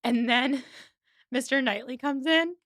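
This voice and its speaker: A woman's voice: high-pitched, slow pace, no room sound, studio quality. A woman hosting a podcast, recapping an episode in casual chat and acting out the characters' lines. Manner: animated, acts out lines of dialogue.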